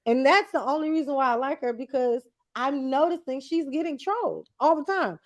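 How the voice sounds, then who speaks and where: A woman's voice: high voice, lively intonation, brisk. A woman co-hosting a casual reality-TV recap chat, blunt and slangy, laughing often. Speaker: podcast co-host.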